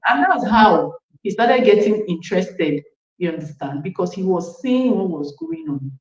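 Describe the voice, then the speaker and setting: A woman in her thirties from Nigeria, with a Nigerian English accent, giving a casual personal testimony with animated acted-out quotes and asides to her coach. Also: medium pitch, normal speed, roomy sound, highs cut off. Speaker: parent sharing a testimony.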